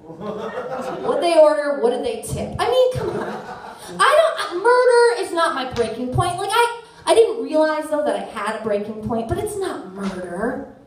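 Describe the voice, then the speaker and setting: A woman in her thirties telling a story on a theater stage, animated and self-mocking. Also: sits high, far from the mic. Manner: animated, self-mocking, quick shifts into voices. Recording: echoey theater, voice from afar.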